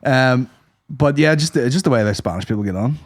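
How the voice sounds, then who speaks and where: A podcast co-host tells rambling, sweary comic stories, acting out voices along the way. His mid-range voice is animated and a little fast, recorded at studio quality with no room sound.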